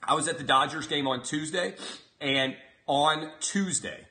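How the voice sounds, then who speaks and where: A man's voice: fairly high pitch, unhurried, pushed and bright. A man hosting a comedic commentary show, ranting in a brash, profane, mocking way. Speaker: show host.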